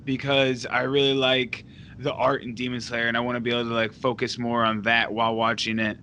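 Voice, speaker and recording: A man's voice: medium pitch, little pitch movement, a little fast, sharp tone, slight background noise. A man hosting a casual podcast chat, rambling with lots of fillers and laughing often. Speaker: podcast host.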